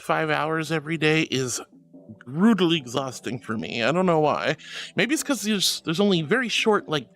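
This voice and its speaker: A woman streamer chatting casually with her viewers, bubbly, giggly and openly emotional as she greets them. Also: lowish voice.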